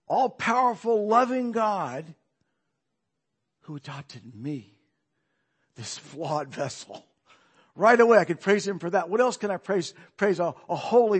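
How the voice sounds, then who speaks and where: A man delivers a sermon in a talky, emphatic way and keeps putting rhetorical questions to the congregation. His voice sits high for a man and has a slightly husky, breathy edge. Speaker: preacher.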